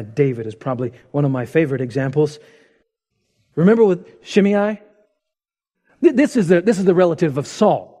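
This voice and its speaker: Male pastor, husky and mellow tone, dramatic delivery shifting from loud to hushed. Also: a little high. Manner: dramatic, swings from loud retelling to hushed intensity. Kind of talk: sermon.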